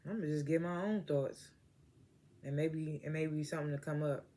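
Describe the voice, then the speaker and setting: A man's voice: a little high, steady tone, moderate pace, warm tone, slight background noise. A man casually recapping a TV episode, laughing often and acting out the characters' lines, and he says he is stoned. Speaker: TV episode reviewer.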